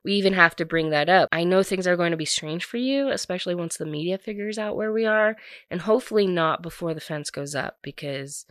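A woman's voice: fairly low pitch, fairly quick, no echo, studio quality, natural voice. A woman voicing a chatty young duchess who speaks politely and apologetically, full of fillers. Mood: gushing.

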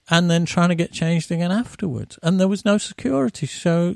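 A man's voice: high-pitched, creaky, darkish tone, no room sound, clean studio sound. A middle-aged man, a musician guest, telling rambling tour anecdotes and acting out the quotes. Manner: rambling, with acted-out quotes and laughs. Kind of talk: anecdotal storytelling.

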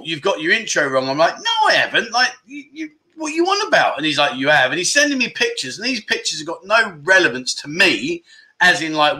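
A middle-aged man runs a casual livestream chat, greeting viewers and reading out their comments. His voice sits fairly high and sounds bright. He mocks himself and exclaims often in a loose, chatty way. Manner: chatty, self-mocking, exclamatory. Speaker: livestream host.

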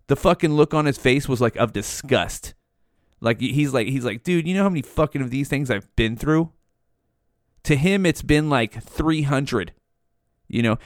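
Young man, podcast host, rambling and profane, smooth voice, dry close sound. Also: mid-range voice, no room sound. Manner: profane, rambling, says "dude" constantly. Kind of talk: casual monologue.

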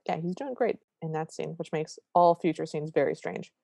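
A woman co-hosting a podcast, recapping a movie in wry, quick, casual chat. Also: sits low, vocal fry, mellow, no echo. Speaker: podcast co-host.

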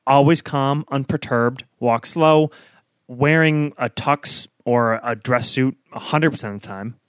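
A man's voice: mid-range voice, a little slow, clean tone, no room sound. A man co-hosting a podcast, joking and laughing through loose, profane film talk. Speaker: podcast co-host. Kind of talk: casual film-review chat.

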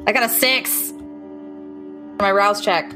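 A woman taking part as a player in a tabletop game, talking in a slow, easygoing way. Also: medium pitch, over music, rough recording. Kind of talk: casual tabletop play.

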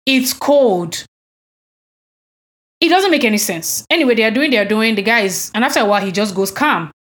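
Speaking at a moderate pace, this podcast co-host has a slightly high voice with lively intonation. In easygoing conversation, she emphatically and indignantly retells events, tossing out pointed rhetorical questions.

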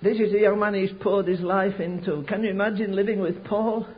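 An older man preaching a sermon, telling stories slowly and rising to fervent pleas. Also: high-pitched, steady tone. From England. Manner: storytelling with slow emphatic stretches, rising to fervent pleas. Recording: muffled lo-fi sermon recording.

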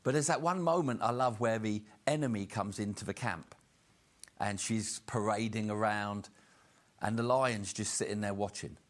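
A male preacher with a slightly low voice delivers a sermon in an earnest, steady way. He slows his words to stress each key point.

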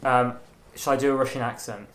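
A man co-hosting a casual podcast, talking earnestly and haltingly, often restarting his sentences. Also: medium pitch, fairly even intonation. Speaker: podcast co-host. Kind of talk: casual chat.

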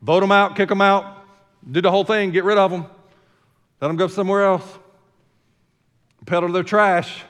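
A man with a Southern American accent preaching a sermon as senior pastor, folksy, shifting from quiet asides to loud, emphatic declarations. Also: sits high, steady tone, normal speed, pauses often, big-room sound.

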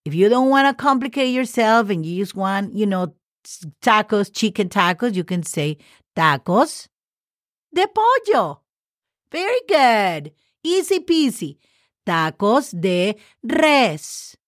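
A woman's voice: medium pitch, sing-song, slow, dry recording, studio quality. A woman teaching a Spanish podcast lesson, who patiently repeats phrases and spells words out letter by letter. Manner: switches between English and Spanish.

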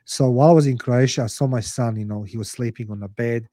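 A man's voice: mid-range voice, quick pace, mellow, no echo, clean studio sound. A middle-aged man, a podcast guest and author, speaking English as a second language in blunt, emotional interview talk that is heavy with swearing. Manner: earnest, blunt, swears freely, non-native English.

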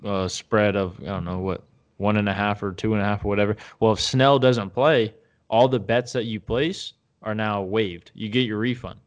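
A man's voice: fairly low pitch, fairly even intonation, moderate pace, muffled recording. Hesitant man rambling about sports. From Tampa Bay area, United States. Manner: rambling, hesitant, many fillers and restarts. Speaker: podcast co-host. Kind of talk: casual sports chat.

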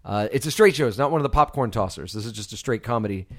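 A man's voice: lowish voice, lively intonation, racing. A man co-hosting a podcast in casual banter, joking, swearing and breaking into silly voices. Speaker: podcast co-host and stage actor.

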